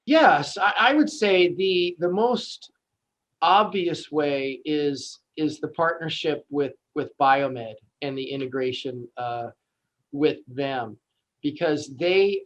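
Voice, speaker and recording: A man's voice: fairly high pitch, rough recording. A man on a webinar panel, speaking for a hospital in a conversational way with frequent restarts.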